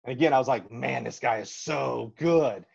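A man from Alabama, a track coach, spins a long story on a podcast in a folksy, animated way and acts out every quote. His voice sits mid-range, and the recording is slightly muffled and lo-fi. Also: mid-range voice, moderate pace, vocal fry, breathy edge. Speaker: track and field coach, guest. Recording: slightly dull lo-fi audio.

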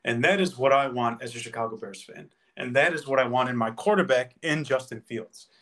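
A man's voice: medium pitch, a little fast, fairly bright tone. Passionate man arguing sports. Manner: passionate, emphatic arguer. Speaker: podcast co-host. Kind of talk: casual sports debate.

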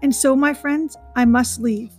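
A woman reading aloud, voicing a gentle and wise female robot who speaks in earnest, measured sentences. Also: sits high, fairly even intonation, breathy edge, soft background music. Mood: resolute.

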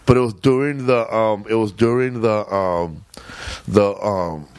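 A man's voice: lowish voice, a little slow, darkish tone, clean tone, no echo. A middle-aged man, a comedian co-hosting a podcast, telling stories in loose, profane slang over casual chat.

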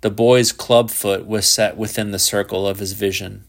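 A man narrating a literary short story in a measured, even way. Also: on the low side. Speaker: audiobook narrator.

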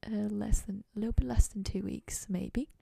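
A young woman chatting casually and rambling on her own show, self-mocking and drifting into soft whispery asides. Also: mid-range voice, fairly even intonation, moderate pace, vocal fry, slightly rough, no echo. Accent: playful put-on accent. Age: young adult. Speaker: university student podcaster. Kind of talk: casual solo chat.

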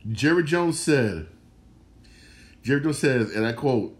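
Slow and pausing often, a sports podcast host with a medium-pitched, lively voice runs his solo talk show. His casual, slang-filled delivery hammers points through repetition and restarted phrases.

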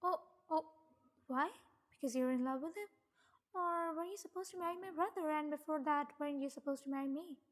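A woman's voice: high voice, fairly quick, big-room sound, natural voice. A woman reading the part of an obsessive, jealous young man who mocks and taunts. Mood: taunting. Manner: taunting, mocking.

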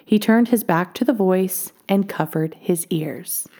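A woman reading a children's storybook aloud, expressive and often dropping to a hush. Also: fairly low pitch, a little slow, a little hiss or hum.

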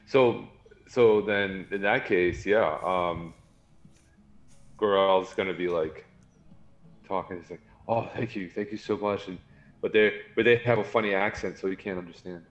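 A man's voice: deep voice, a little slow, pauses often, roomy sound, muffled recording. A man playing a tabletop game, chatting in a laid-back way. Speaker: player. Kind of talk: casual game chat.

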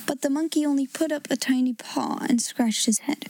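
A woman host reading a children's story aloud, with expressive, gently acted dialogue. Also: sits high, moderate pace, gravelly, hardly any pauses, low-quality recording.

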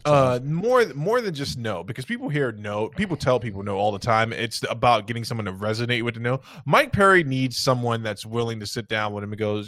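A man co-hosting a casual podcast, telling stories in an animated way, laughing often and swearing. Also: medium pitch, fairly quick, few pauses, dry recording, studio quality. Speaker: podcast co-host. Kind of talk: casual chat.

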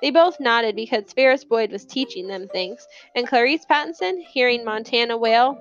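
A woman narrating a children's novel in a lively storytelling manner, putting on voices for the characters. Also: a little high, moderate pace, hardly any pauses, dull audio, soft background music. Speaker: audiobook narrator.

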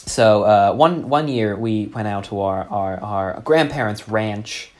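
A man telling a deadpan comic story in a rambling way, with many fillers. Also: lowish voice, slow pace.

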